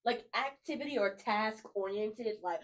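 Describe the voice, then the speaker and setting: A woman's voice: fairly high pitch, normal speed. A woman co-hosting a faith podcast, chatting casually and acting out her inner voices as she tells stories. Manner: animated storytelling with acted inner voices. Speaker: podcast co-host.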